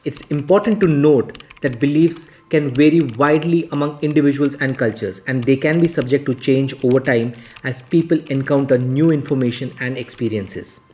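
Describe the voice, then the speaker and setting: Measured self-help video narrator. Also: medium pitch, dark tone, faint music behind. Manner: measured, explanatory.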